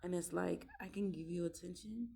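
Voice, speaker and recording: A woman's voice: on the low side, steady tone, normal speed, creaky, warm tone, breathy edge. A young mother talking about raising her children in a casual, emphatic monologue, repeating herself to drive points home.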